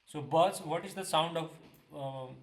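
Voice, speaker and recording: A man teaching an English class online, explaining slowly with many fillers and restarts and slipping in Hindi glosses. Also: fairly high pitch, a bit bright, roomy sound.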